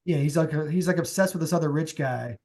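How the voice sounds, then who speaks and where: Rambling, somewhat high-voiced man. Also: fast. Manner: relaxed, rambling, many fillers. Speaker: podcast co-host. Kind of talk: casual chat.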